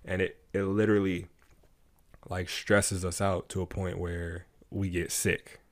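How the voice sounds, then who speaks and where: A man co-hosting a podcast, chatting casually and telling a fable with a moral in a relaxed way. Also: sits low, unhurried, dry recording. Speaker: podcast co-host. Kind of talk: casual chat, storytelling.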